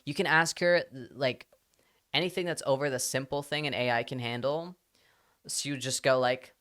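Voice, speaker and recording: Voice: mid-range voice, moderate pace, a bit bright. A live streamer casually telling a rambling anecdote to the audience, full of fillers and quoted voices.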